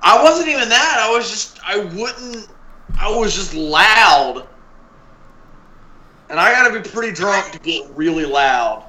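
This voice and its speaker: A man's voice: sits high, sing-song, a little slow, bright, forceful tone. A man telling laid-back stories in casual chat. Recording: echoey room.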